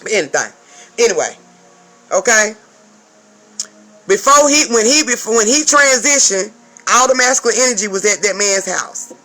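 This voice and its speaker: A woman's voice: fairly high pitch, lively intonation, normal speed, pauses often, sharp tone, poor audio. A woman speaking as a spiritual advisor in a casual vlog rant. She swears a lot, talks emphatically and keeps checking in with the viewer.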